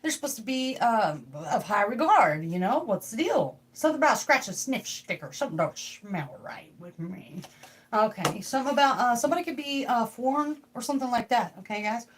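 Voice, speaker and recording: Her fairly high voice is animated and brisk as this young woman reads tarot live from home. The stream is casual: she meanders, jokes and addresses the people in her chat.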